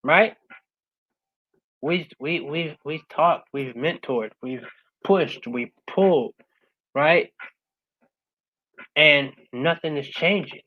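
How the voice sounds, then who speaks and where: A woman speaking as a guest, giving a passionate motivational talk. She keeps asking "right?" and swings from loud urging to a soft, quiet close. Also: slow, long pauses, narrow, tinny audio. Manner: passionate, repeats "right?" after most points; swings between loud urging and soft, low-key closing.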